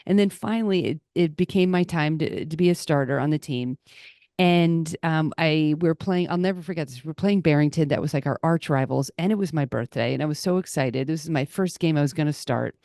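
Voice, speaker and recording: Mellow-voiced woman telling a chatty story. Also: lowish voice, no echo, clean studio sound. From Rhode Island, USA. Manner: chatty, self-deprecating, animated when quoting others. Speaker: podcast host. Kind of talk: casual storytelling monologue.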